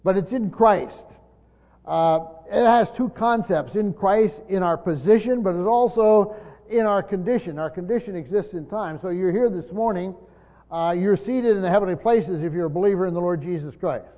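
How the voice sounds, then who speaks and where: An older man preaching a sermon in a teacherly way, repeating his points with many pauses and "uh" fillers. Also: high voice. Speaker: pastor. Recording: dull lo-fi sound with long hall reverb.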